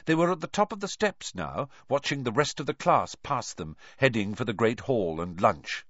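A man narrating an audiobook in a lively, expressive reading style. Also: mid-range voice, moderate pace, no echo, highs cut off.

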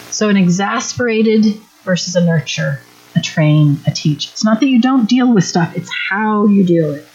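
A woman's voice: mid-range voice, animated, normal speed, a little mellow, slight background noise. Earnest woman teaching on parenting. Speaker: parenting workshop speaker. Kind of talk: church teaching talk. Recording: dull lo-fi recording.

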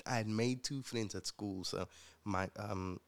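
A South African man with a fairly low voice, a slightly slow pace, and vocal fry. As a guest and future co-host in a casual interview, he tells his life story earnestly and reflectively, with many fillers.

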